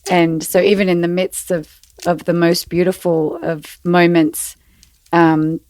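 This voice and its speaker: A woman co-hosting a spiritual podcast, telling a personal story in a relaxed way with fillers. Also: on the low side, unhurried, no room sound, studio quality. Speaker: podcast co-host. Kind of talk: casual conversation.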